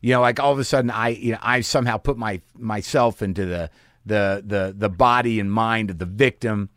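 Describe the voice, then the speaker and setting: A man's voice: on the low side, fairly quick, fairly bright tone, no room sound, clean studio sound. A man hosting a podcast from his garage, telling a wry, self-deprecating story in a casual, rambling way with many restarts. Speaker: podcast host. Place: home garage studio.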